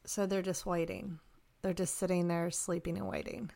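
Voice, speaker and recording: A woman's voice: lowish voice, flat delivery, normal speed, creaky, mellow, no echo. A woman co-hosting a podcast, reacting with gasps and exclamations. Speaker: podcast co-host. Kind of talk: casual chat, reacting.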